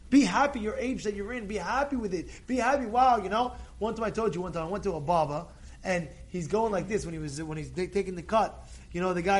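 A man giving an informal Torah class to a group, animated and repetitive, swinging from quiet asides to shouted urging and scattering Hebrew blessings through his talk. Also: high-pitched. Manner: peppers speech with Hebrew blessings.

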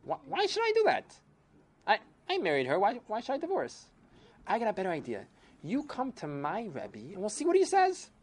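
A woman's voice: mid-range voice, huge pitch swings, a little fast, a little mellow, husky, pitched above the performer's own voice. A woman voicing a poor young man in a folk tale who insists on staying and pleads his case. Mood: insistent. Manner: pleading, indignant, raising his voice.

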